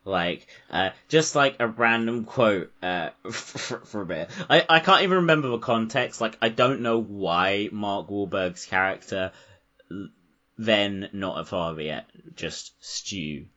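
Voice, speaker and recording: A man's voice: lowish voice, animated, a little slow, sharp tone, highs cut off. A man co-hosting a podcast, chatting casually about a film, rambling, swearing and laughing often. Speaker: podcast co-host.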